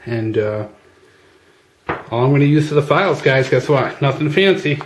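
A man's voice: mid-range voice, animated, moderate pace. Casual chatty man in an echoey space. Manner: chatty, addresses viewers as guys, many fillers. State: out of breath at times. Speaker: channel host. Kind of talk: casual how-to demonstration. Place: outdoors at a workbench. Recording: echoey with faint ambient noise.

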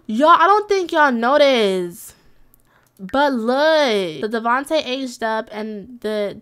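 Chatty high-voiced young woman gamer. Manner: chatty, addresses viewers as y'all, excited squeals. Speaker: gaming YouTuber. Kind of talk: casual let's-play commentary.

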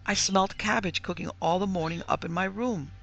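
A narrator voicing a frightened young daughter who speaks faintly and in panic. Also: female voice, medium pitch, moderate pace, creaky, voice pushed up.

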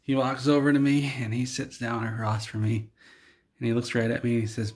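A man telling an absurd comic story in a deadpan, plain way. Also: mid-range voice, brisk. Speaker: comedy storyteller.

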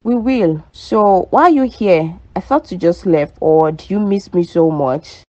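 A woman's voice: lowish voice, a little slow, a little mellow, no room sound, muffled recording, lightly acted. A woman as a sulky jealous young woman. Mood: defensive. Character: jealous young woman, Rachel, chasing a man. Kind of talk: cartoon dub acting.

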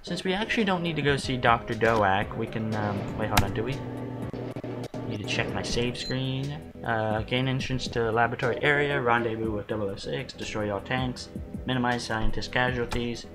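A man co-hosting a let's play, talking in a loose, rambling way and often stopping to restart his sentences. His voice sits at an ordinary middle pitch. Loud game music plays under his chat. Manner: rambling, halting, many restarts and fillers. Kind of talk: casual gaming commentary.

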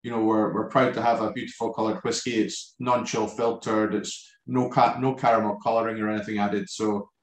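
A man from a distillery talks casually about his product over a video call, rambling with frequent restarts. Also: fairly low pitch. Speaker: distillery representative. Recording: roomy echo on a video call.

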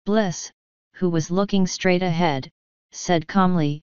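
A woman narrating an audiobook in a steady, even reading style. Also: lowish voice, slow pace, clean tone, no echo. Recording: dull lo-fi, dry.

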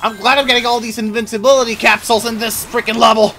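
A young man giving exasperated gameplay commentary and yelling at the game. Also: very high-pitched, little pitch movement, fast, soft background music. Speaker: gaming channel host.

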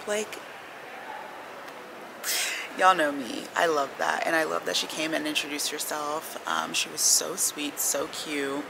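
Filming herself in a busy, noisy terminal, this young woman talks low and steady, a little slowly, with a gravelly edge and long pauses. Her vlog is a rambling, slang-filled chat, backed by airport announcements and crowd noise.

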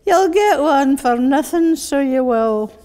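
A woman's voice: high-pitched, animated, slow pace, dark tone, voice pushed up. A woman voicing a small boy with a Glasgow accent who pleads with his father for a dog, in a wheedling sing-song. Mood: pleading. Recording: long reverb of a large hall.

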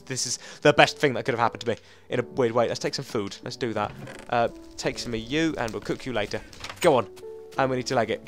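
A young man hosting a game playthrough, talking straight to his viewers in a loose, rambling way. His voice sits at an ordinary middle pitch and flares up into excited bursts. Quiet game music plays under his voice. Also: quick pace. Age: young adult. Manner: chatty and rambling, talking to viewers while playing; jumps to excited outbursts. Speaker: gaming channel host. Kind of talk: casual let's play commentary.

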